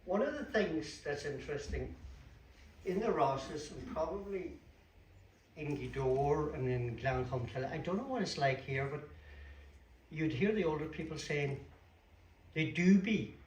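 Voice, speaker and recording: A man's voice: on the high side, lively intonation, measured pace. A man with a Donegal Irish accent giving a chatty talk on local place names at a community event. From Donegal, Ireland. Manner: chatty, explanatory, with dry asides. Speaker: guest speaker at a local history talk. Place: community hall at a book launch. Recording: echoey hall, distant mic, faint room noise.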